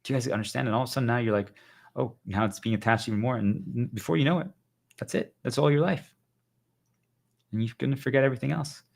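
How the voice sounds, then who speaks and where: A man's voice: medium pitch, quick pace, gravelly. A male livestreamer giving an urgent, insistent motivational monologue to his viewers, hammering points home with repeated phrases.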